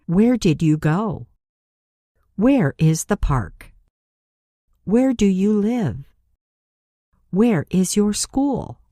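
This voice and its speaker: A woman narrating a scripted grammar lesson as an English teacher, speaking deliberately and spelling out letters for learners. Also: fairly low pitch, dark tone, no echo, clean studio sound.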